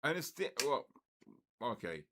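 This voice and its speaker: An older trading stream host calls viewers' names in a loud sing-song, sounding exasperated in a joking way. His medium-pitched voice has a sing-song quality and a moderate pace, with a little hiss or hum in the audio.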